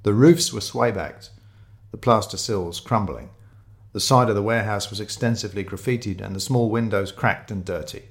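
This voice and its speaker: A man's voice: fairly low pitch, normal speed. A man reading a first-person mystery story aloud, descriptive and wry in his storytelling. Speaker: narrator.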